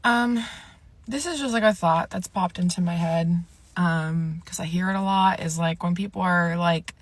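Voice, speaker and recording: Halting low-voiced woman. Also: a little hiss or hum. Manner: halting, many fillers. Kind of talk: personal social media video.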